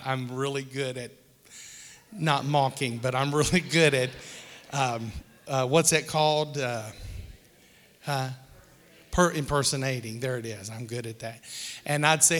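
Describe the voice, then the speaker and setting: Pastor, man, slow and bright, sermon with call-and-response and jokes, long hall reverb. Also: fairly high pitch. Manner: leads call-and-response with the congregation; joking, playful asides. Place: church hall with congregation.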